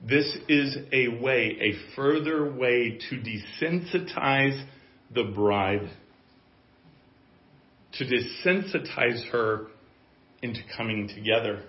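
A male pastor delivering a sermon in a church, his voice at an ordinary middle pitch. He drops to near-murmured asides, then rises into loud, emphatic preaching. The audio is echoey and a little muffled. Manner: swings from quiet musing to loud emphatic preaching.

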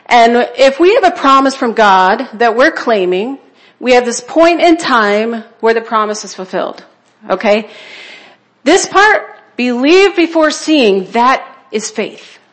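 A woman's voice: on the high side, animated, a little slow. A woman speaking at a church conference, sharing personal testimony in an emotional, conversational way and checking in with her listeners.

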